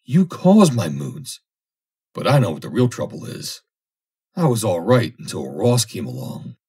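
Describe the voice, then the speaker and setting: A man's voice: low-pitched, big pitch swings, moderate pace, darkish tone, breathy edge, full character voice. A man reading aloud, voicing a jealous young man who pleads and then threatens. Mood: bitter. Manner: pleading and bitter. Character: jealous, possessive young man, obsessive suitor.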